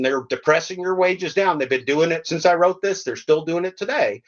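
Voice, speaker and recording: A man's voice: on the high side, fairly quick, hardly any pauses, dull audio. An older man hosting a podcast, reading points aloud and breaking into fiery, rambling, sarcastic rants. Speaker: podcast host.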